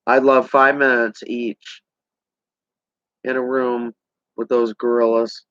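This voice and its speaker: Slow, ranting man on a dull recording. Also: medium pitch, flat delivery, a bit bright, clear, resonant tone, no echo. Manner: heated, sarcastic, rambling. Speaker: vlogger. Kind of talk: political rant to camera. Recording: dull lo-fi sound.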